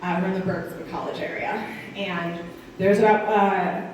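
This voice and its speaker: A woman's voice: mid-range voice, fairly even intonation, moderate pace, slight background noise. Woman, thirties, stand-up comic, rambling asides, distant mic, heavy room echo. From Connecticut. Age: 30s. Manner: rambling, conversational, dark humor with asides. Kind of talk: stand-up set. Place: small live performance venue.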